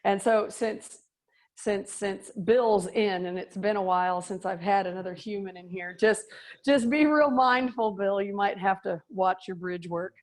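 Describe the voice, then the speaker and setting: A woman's voice: mid-range voice, unhurried. A middle-aged woman instructing a live workout class, upbeat and joking, counting out reps and slightly out of breath. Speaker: fitness and yoga instructor.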